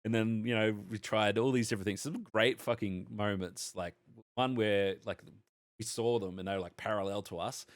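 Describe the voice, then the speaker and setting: An Australian man co-hosting a podcast, rambling through an animated gaming story and swearing freely in casual chat. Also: fairly low pitch, normal speed, no echo, clean studio sound. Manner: rambling anecdote, heavy swearing, animated retelling. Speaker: podcast co-host.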